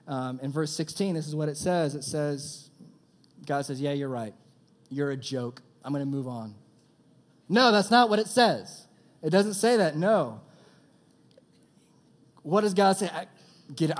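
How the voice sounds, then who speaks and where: A young man preaching a sermon in a casual, energetic style, calling out to his audience. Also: medium pitch. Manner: energetic, conversational preaching with audience call-outs. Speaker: youth pastor.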